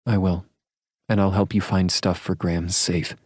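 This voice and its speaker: A man voicing a warm, teasing young woman who speaks in a playful, insistent way in an audiobook. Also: low voice, level tone, normal speed, no echo, studio quality, pitched above the performer's own voice.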